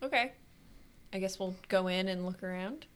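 A woman playing a tabletop game, asking quick, joking questions. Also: medium pitch. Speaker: player. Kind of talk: casual tabletop play.

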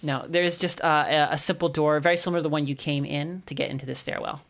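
A man narrating as game master of a tabletop game, describing scenes with loose, relaxed hesitations. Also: fairly high pitch, fast.

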